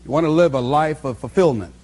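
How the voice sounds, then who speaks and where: A man's voice: a little high, fast talker, a little mellow. A man giving a motivational speech to a live audience, preaching emphatically and repeating phrases for effect. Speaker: motivational speaker.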